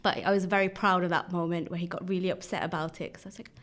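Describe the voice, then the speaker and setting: Podcast guest: chatty woman, 30s, lowish voice, laughs a lot. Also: fairly even intonation, fast talker, a bit bright. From Birmingham, England. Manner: laughs often, chatty anecdotes. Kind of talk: casual chat.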